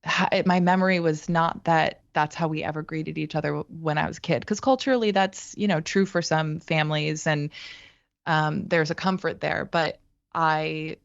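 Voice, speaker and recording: Low-voiced woman in her thirties, reflective interview guest, halting delivery. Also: fairly even intonation, gravelly, dry recording, lo-fi sound. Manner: thoughtful, halting, many restarts. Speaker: guest, actor and writer.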